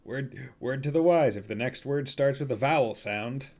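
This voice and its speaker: A man's voice: mid-range voice, normal speed, a little mellow. A young man casually commenting on his gameplay as a streamer, rambling and joking with lots of filler words. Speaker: gaming streamer. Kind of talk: casual let's-play commentary.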